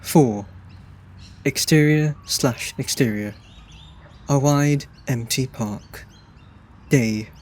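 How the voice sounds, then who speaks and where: A man's voice: mid-range voice, very slow, pauses often, a little mellow. A man reading a screenplay's scene directions aloud in a dry, matter-of-fact way. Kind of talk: scripted narration of scene directions.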